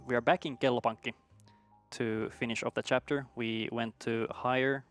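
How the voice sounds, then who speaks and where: A man's voice: mid-range voice, fairly even intonation, moderate pace, faint music behind. A man narrating the game story in a laid-back way. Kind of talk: casual commentary.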